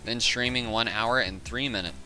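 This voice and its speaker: A man's voice: mid-range voice, moderate pace, bright, forceful tone, soft background music. A young man from the Southern United States with a Southern accent, chatting casually and rambling during a live game stream. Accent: Southern American. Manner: rambling, chatty, laughs often.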